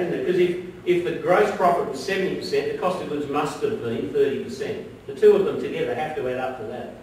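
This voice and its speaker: A man presenting a live business seminar, chatty and often checking in with his audience. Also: a little high. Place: seminar room at an arts centre. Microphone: distant room mic. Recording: very echoey hall from far off, faint noise.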